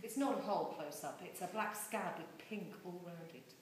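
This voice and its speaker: A woman reading a novel aloud with expressive, lively storytelling. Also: fairly low pitch, normal speed, slight background noise. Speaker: reader. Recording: very echoey room.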